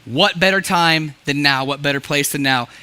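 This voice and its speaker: A man's voice: a little high, moderate pace, bright, forceful tone, smooth. A man working as an auctioneer, calling bids in a rhythmic chant with playful banter between lots.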